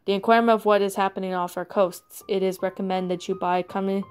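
A woman reading a creepypasta aloud, giving a male official's formal statement in a stiff, halting delivery. Soft music plays behind her. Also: mid-range voice, level tone, clear, resonant tone, natural voice.

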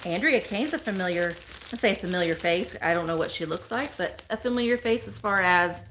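Woman, casual live-stream chat, gushy and exclamatory, lively swooping pitch, bright voice. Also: fairly quick, slight background noise. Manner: chatty, gushing, exclamatory, reads viewer comments aloud. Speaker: reseller hosting a live stream.

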